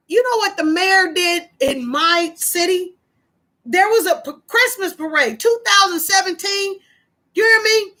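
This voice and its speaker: High, bright-voiced woman venting tearfully. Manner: emotional, repetitive, venting. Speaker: vlogger. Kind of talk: emotional personal vlog.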